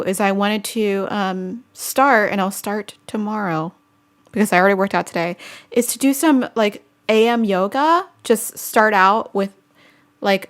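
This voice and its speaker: A young woman chatting casually on her vlog, answering viewer questions with lots of fillers, restarts and giggles. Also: mid-range voice. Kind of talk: casual chat.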